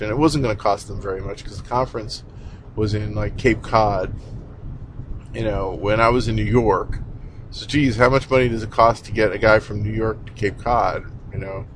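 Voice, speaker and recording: A man's voice: mid-range voice, a little hiss or hum, low-quality recording. A man talking casually in a rambling, conversational way, with lots of fillers and a blunt, exasperated edge. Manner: exasperated, blunt, mild swearing. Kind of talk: casual monologue.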